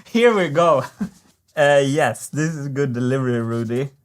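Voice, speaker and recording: Excitable man narrating his workshop. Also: mid-range voice, unhurried. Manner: excitable, laughs often, enthusiastic. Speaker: maker and engineering video creator.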